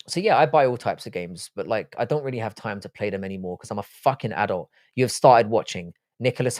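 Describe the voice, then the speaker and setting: A man's voice: medium pitch, no echo, studio quality. A man hosting a livestream in a casual, offhand and profane way, reading chat messages aloud and replying to them. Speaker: livestream host.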